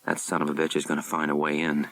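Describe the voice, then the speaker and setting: An actor reading a gruff, blunt sea captain in an audiobook. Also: male voice, a bass voice, monotone, fast talker, a bit bright, voice pushed down. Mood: steady. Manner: blunt, cursing.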